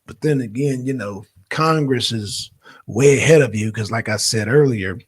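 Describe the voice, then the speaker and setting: A man's voice: medium pitch, normal speed, breathy edge. A man from Georgia with a Southern accent, chatting casually to viewers as the host of a political livestream. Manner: chatty, addresses viewers directly, gives shout-outs.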